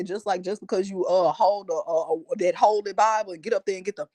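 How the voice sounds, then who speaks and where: A woman's voice: medium pitch, steady tone, fast, few pauses, warm tone. Blunt, profane woman reacting to a story. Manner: blunt, profane, addresses viewers directly; rhetorical questions to the audience. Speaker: reaction video host. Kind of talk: reaction commentary to a storytime video.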